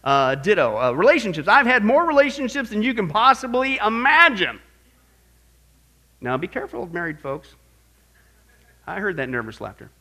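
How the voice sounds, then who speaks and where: A male pastor delivering a sermon in a bright, forceful voice. He talks in an animated, joking way and keeps asking his congregation rhetorical questions. His voice sits fairly high. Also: normal speed, long pauses.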